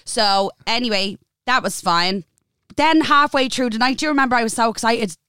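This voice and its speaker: A woman with a Dublin accent, co-hosting a casual podcast chat and telling an animated story. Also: fairly high pitch, smooth, no echo, studio quality. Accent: Irish, Dublin. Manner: fast, animated storytelling with laughs. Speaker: podcast co-host.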